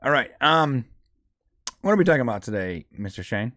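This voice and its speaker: A man's voice: medium pitch, very animated, sharp tone, no room sound, studio quality. A man co-hosting a live podcast in casual chat, upbeat and chatty while sick with a cold. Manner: upbeat, chatty, quick laughs. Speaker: podcast co-host.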